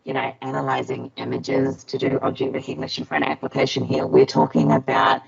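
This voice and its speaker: A woman's voice: a bass voice, little pitch movement, brisk, creaky. A woman presenting tech updates in a casual webinar, enthusiastic and chatty with frequent fillers, speaking through a headset on a video call. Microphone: headset, later computer microphone. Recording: dull, lo-fi video-call audio.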